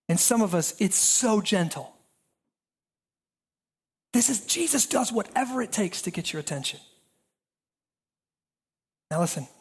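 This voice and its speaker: A pastor with a medium-pitched voice preaches a sermon in emphatic, repetitive cadences that build. He swings between raised intensity and hushed, nearly whispered passages.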